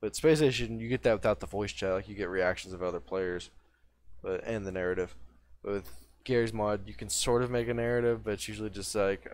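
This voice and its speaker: A man's voice: on the low side, fairly quick. A young man in his twenties chatting casually on a livestream, rambling and profane, with lots of restarts. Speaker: streamer.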